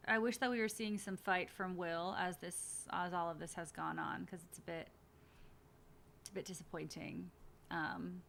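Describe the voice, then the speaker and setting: Female streamer, bright tone, casual blunt watch-party commentary, swears freely. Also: fairly low pitch, fairly even intonation, normal speed, vocal fry, slight background noise.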